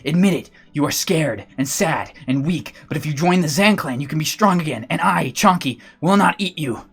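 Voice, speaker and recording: A man's voice: a little high, animated, normal speed, vocal fry, a bit bright, husky, heavily acted. A man reading a hungry, ranting armadillo. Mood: impatient. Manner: ranting, threatening. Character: hungry, impatient male armadillo.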